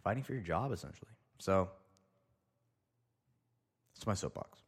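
A young man with a notably deep, low voice hosts a casual solo show. He rambles loosely, muttering to himself as he reads through each item. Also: very animated, normal speed, vocal fry, long pauses, breathy edge. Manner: loose, rambling, talks to himself while reading. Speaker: podcast host.

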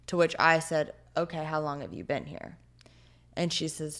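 A woman's voice: low voice, normal speed, a bit bright. A woman in her twenties tells a story in a casual interview, earnest and heartfelt, with many "like" and "you know" fillers. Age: 20s. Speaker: podcast guest.

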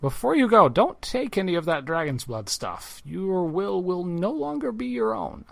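A man's voice: high voice, huge pitch swings, normal speed, creaky, pitched above the performer's own voice, exaggerated voice. A man doing a chirpy tiny gnome woman. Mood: warning. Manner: chirpy, squeamish, fussy. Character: tiny sooty gnomish woman tinkerer.

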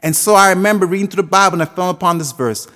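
A man's voice: high-pitched, very fast, pushed and bright, in a large hall. A man in his twenties preaching a sermon with a passionate, sing-song cadence that rises and falls. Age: 20s.

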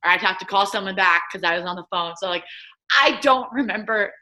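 A woman in her twenties, a guest, telling a story casually and in an animated way, acting out quotes. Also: brisk. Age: 20s. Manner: animated, acts out quotes in a higher voice. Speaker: guest, drafted athlete.

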